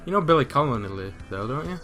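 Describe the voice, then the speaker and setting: A man's voice: medium pitch, very animated, quick pace, pushed and bright. A young man chats his way through a retro game, rambling and restarting sentences with a self-mocking streak. He talks into a headset on a voice call, with faint game music under him. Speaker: let's play commentator. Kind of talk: casual gaming commentary.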